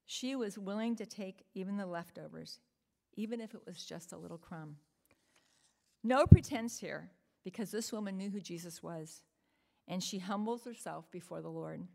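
A woman's voice: mid-range voice, normal speed, creaky. A woman preaching a sermon in an earnest, emphatic way, often asking the listeners rhetorical questions.

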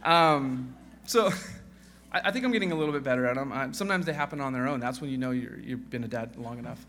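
A guest pastor in his thirties with a mid-range voice talks fast through a casual sermon full of jokes, fillers and restarts. He grows quieter when praying.

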